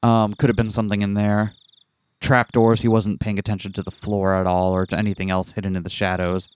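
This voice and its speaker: A man's voice: lowish voice, little pitch movement, fairly quick, a little mellow, smooth, no echo. Stammering, playful man chatting over a game. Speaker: let's play co-host. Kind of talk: casual chat while reading a visual novel.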